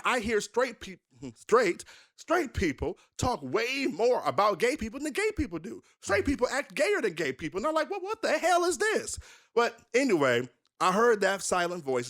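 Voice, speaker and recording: Animated young man telling his story. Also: a little high. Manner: animated, emphatic, rhetorical questions. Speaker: minister, interview guest. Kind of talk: candid conversational storytelling.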